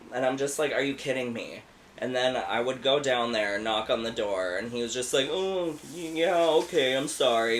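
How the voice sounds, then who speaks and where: A man in his thirties tells a story on a podcast in a loose, rambling way. He fills nearly every sentence with "like" and swears freely. The voice sits at a middle pitch, and there is a faint hiss behind it. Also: fairly bright tone, poor audio. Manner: profane, rambling, lots of "like". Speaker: podcast co-host. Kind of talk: casual storytelling.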